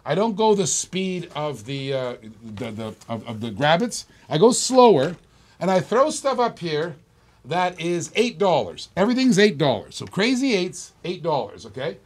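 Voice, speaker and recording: A man hosting a live-stream auction of toy cars, with brash, excitable salesman patter. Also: on the high side, slightly rough. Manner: rapid-fire salesman patter, loud and excitable; brash, boastful.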